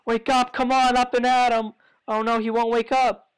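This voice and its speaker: A man voicing a young female Goomba in a high, shrill, anxious voice while playing a video game. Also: flat delivery, moderate pace, clear, resonant tone, rough recording. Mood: frantic.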